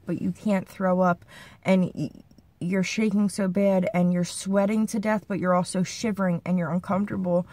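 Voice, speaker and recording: A woman's voice: mid-range voice, darkish tone. A young woman talking anxiously and rambling in a personal vlog, sounding shaken and near tears. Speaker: vlogger.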